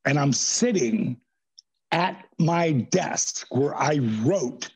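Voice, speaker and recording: Man, 60s, podcast guest storyteller; husky, higher-pitched, dry close sound. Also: very slow, no room sound, rough recording. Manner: animated storyteller who slips into voices. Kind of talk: storytelling in casual interview.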